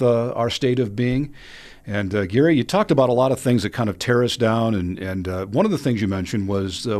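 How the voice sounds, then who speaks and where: A man hosting a podcast, asking questions in a relaxed way with filler pauses. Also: fairly low pitch. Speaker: podcast host. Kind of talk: interview questions.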